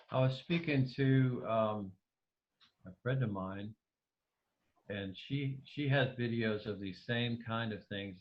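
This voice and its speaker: A man's voice: on the low side, dull audio. A man being interviewed over a video call, speaking hesitantly with many restarts and fillers. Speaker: interview guest.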